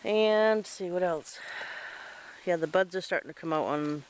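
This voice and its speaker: A man's voice: high-pitched, a little slow, a little hiss or hum, poor audio. A man chatting casually as he walks through his outdoor garden in light rain, recorded on a handheld camera. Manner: rambling, chatty. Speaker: vlogger. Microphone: handheld camera mic.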